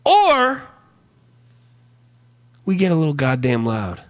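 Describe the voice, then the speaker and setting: Slow and somewhat high-voiced, a man vents humorously about ordinary annoyances during a casual conversation. His rant is crude and dramatic, lively with mock-shouted quotations.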